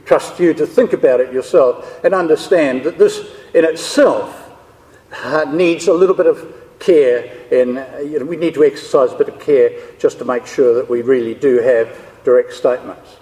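A man's voice: on the high side, normal speed, darkish tone. A man teaching a Bible class, explaining ideas step by step and checking in with his listeners. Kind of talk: scripture lecture to a class. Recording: long hall reverb.

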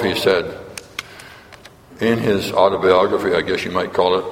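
A man's voice: deep voice, fairly even intonation, moderate pace, long pauses. A man preaching a sermon, asking his listeners questions and acting out quotes as he goes. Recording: long hall reverb.

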